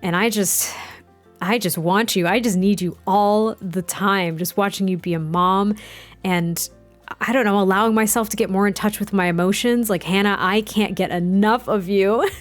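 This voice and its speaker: A woman's voice: mid-range voice, steady tone, normal speed, faint music behind, natural voice. A woman voicing a young adult man, a doting husband and new father who talks in an earnest, tender, rambling way. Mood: affectionate.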